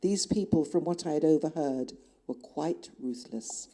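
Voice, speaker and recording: A woman author reading aloud from her own novel at a literary festival event, in a measured, expressive first-person style. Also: sits low, very noisy.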